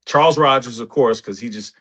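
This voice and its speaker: A man in his forties, a guest in an interview, telling stories in a casual, animated way and acting out what others said. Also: a little fast. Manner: animated, rises in pitch when excited, quotes others in dialogue. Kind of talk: casual storytelling. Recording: dull lo-fi sound.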